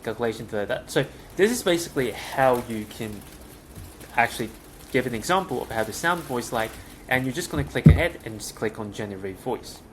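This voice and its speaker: A man's voice: medium pitch, lively intonation, fairly quick. Young man, casual screen-share tutorial, chatty, fillers, noisy room, keyboard clicks. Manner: loose and chatty with many fillers. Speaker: tech tutorial host.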